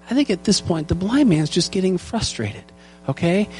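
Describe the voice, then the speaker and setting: A man with a fairly high voice preaches in an earnest tone, slowing to lean on the lines that matter. Faint music plays softly underneath him. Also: lively intonation. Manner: earnest, slows down to stress key lines. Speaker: pastor teaching a Bible study. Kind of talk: sermon.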